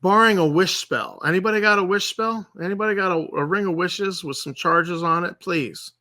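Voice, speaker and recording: A man on his own channel, delivering an exasperated, sarcastic rant. His voice sits a little high and comes across bright and forceful. He keeps circling back to the same points and repeats them for emphasis. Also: moderate pace. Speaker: channel host. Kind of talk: ranting commentary.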